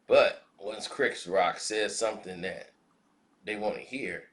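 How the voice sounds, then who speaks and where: A man giving spoken commentary in a measured, reflective way, often posing rhetorical questions. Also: lowish voice, fairly bright tone. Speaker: commentary vlogger.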